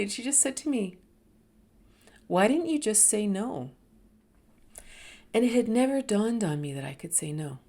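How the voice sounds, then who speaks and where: A middle-aged woman telling a personal story, animated and dropping to whispers for emphasis. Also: on the high side, normal speed, long pauses. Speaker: host.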